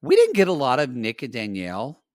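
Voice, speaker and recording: A man's voice: medium pitch, wildly swooping pitch, fairly quick, a little mellow, no room sound, clean studio sound. A man co-hosting a podcast, recapping a reality show in casual chat, rambling with restarts and acting out quotes. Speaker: podcast co-host.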